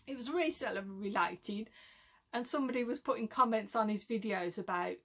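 A woman's voice: mid-range voice, moderate pace, a bit bright. A woman with a Birmingham accent talking to camera in a casual, rambling vlog, full of "like, you know" asides and frequent laughter. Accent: Birmingham (Brummie). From Birmingham, England. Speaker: reseller vlogger. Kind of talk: casual chatty monologue.

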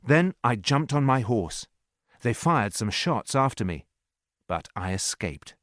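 A man narrating a story in a slow, clear reading voice. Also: mid-range voice, sing-song, fairly bright tone, dry recording, studio quality. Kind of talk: scripted narration.

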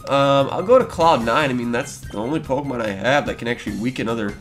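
A young man hosting a let's play, commenting on the game as he plays, chatting to the characters on screen with quick exclamations. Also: medium pitch, fairly bright tone, soft background music.

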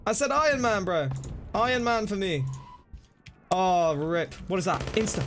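A man streaming a zombie shooter game, chattering excitably and joking around in silly put-on voices. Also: sits high, moderate pace, long pauses, background noise. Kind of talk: live gameplay commentary. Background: game music and gunfire.

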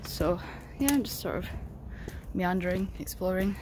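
A woman's voice: lowish voice, animated, normal speed, noisy background. A young woman from the UK, chatting casually in a vlog. She rambles and is self-mocking, with many filler words. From United Kingdom. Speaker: travel vlogger.

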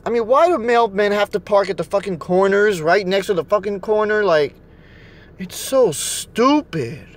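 Young guy cussing everybody out from his car, high voiced. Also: brisk. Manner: angry, cursing constantly. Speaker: vlogger. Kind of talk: casual rant while driving.

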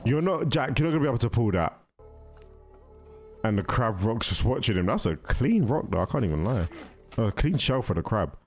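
A man hosting a casual movie reaction, chatty and excitable, talking straight to the characters on screen. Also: mid-range voice, brisk, soft background music. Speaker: reaction video host.

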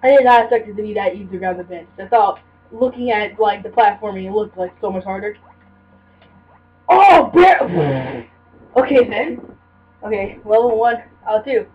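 A woman's voice: mid-range voice, fairly quick. A young woman giving rambling, casual commentary while playing a video game, full of fillers and restarts. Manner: rambling, filler-heavy chatter. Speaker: let's play gamer. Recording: dull lo-fi audio with faint hiss.

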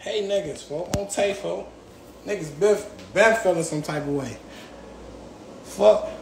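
Ranting angrily on a livestream, a young male rapper swears at a rival and keeps repeating "gang" and "on tape." His voice sits high and sounds gravelly, with a measured pace, reverb and some background noise.

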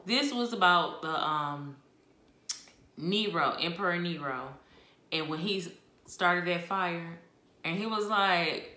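A woman talks through her monthly book reviews in an expressive, chatty way. Her voice is bright and low-pitched, and her pace is unhurried. The room around her sounds echoey. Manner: expressive, chatty, with laughs and asides. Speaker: book vlogger. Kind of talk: casual book review chat.

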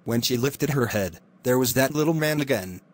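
A man narrating a classic fairy tale in a steady, clear reading voice. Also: mid-range voice, normal speed. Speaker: storyteller.

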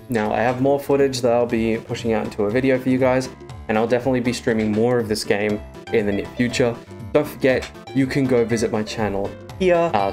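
A man's voice: medium pitch, darkish tone. A young Australian man with an Australian accent giving jittery, swearing gaming commentary as a streamer, with nervous laughter.

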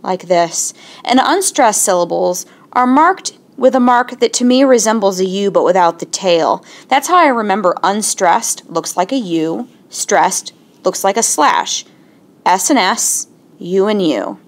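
A woman teaching a lesson in a clear, patient way, slowing down to sound out syllables. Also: mid-range voice, expressive. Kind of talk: explaining a lesson.

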